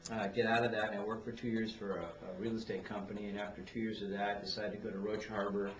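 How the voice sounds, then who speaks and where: A middle-aged man giving a heartfelt, rambling personal toast at a family gathering, halting often and restarting his sentences. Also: lowish voice, level tone, muffled recording. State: tearful near the end. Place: indoor party room with guests. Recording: roomy, distant camera with crowd chatter.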